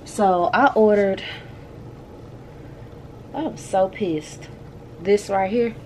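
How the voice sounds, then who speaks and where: A woman's voice: mid-range voice, extremely slow, a little mellow, a little hiss or hum. A woman vlogging in a casual, chatty way, speaking straight to her viewers with lots of slang and energy as she goes about her errands and then talks from home. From Texas.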